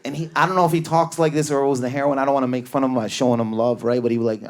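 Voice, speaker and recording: A male stand-up comedian performing with raging energy on a club stage, often yelling and shooting up in pitch. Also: steady tone, rapid-fire, hardly any pauses.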